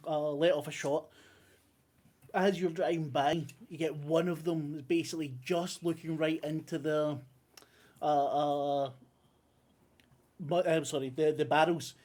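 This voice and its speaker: Man, game master, rambling, self-correcting, slightly high pitch. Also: darkish tone. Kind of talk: narrating a tabletop game.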